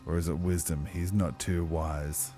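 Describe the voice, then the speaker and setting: A man running a tabletop game as game master, chatty and thinking aloud, with lively exclamations. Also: deep voice, a little slow, soft background music.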